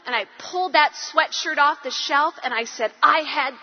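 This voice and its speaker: Brief: middle-aged woman speaker, high voice, chatty and animated, live hall talk. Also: normal speed, highs cut off. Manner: animated, chatty, acts out quotes. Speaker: speaker at a women's parenting event.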